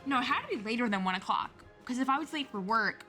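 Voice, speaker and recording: A woman's voice: on the high side, lively intonation, fast, sharp tone. A young woman hosting a gaming channel who rambles chattily through stories while she plays and laughs often. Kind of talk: casual chat over gameplay. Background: game music.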